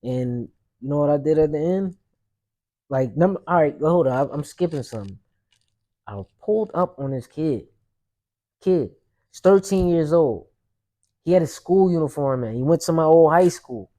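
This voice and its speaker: A man's voice: a little high, expressive, moderate pace, long pauses, dark tone. A young adult man, a podcast host, telling a personal story in a loose, rambling way with street slang and lots of fillers. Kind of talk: casual storytelling monologue.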